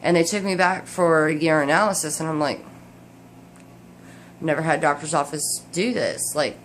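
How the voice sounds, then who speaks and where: A woman's voice: low voice, normal speed, a little hiss or hum. A tired woman, chatting casually in a vlog update, rambling with many restarts. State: tired, drowsy from medication. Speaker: vlogger. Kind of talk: casual personal update to camera.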